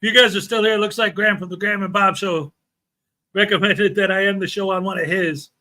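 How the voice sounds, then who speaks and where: A man hosts a casual live stream, talking straight to his audience in an easygoing, chatty way. His voice sits high, with a very bright and forceful edge. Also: steady tone, fast. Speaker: livestream host.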